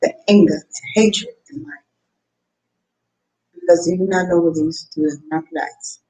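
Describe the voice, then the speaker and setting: A woman's voice: on the low side, sing-song, moderate pace, mellow, poor audio. A woman chatting loosely to viewers in a casual livestream, rambling from topic to topic and laughing often. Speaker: vlogger.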